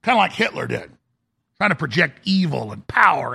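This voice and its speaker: A man's voice: fairly high pitch, big pitch swings, brisk, creaky, pushed and bright, breathy edge. A man hosting a talk show, delivering a sarcastic, combative rant. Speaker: talk radio host. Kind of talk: ranting talk show monologue.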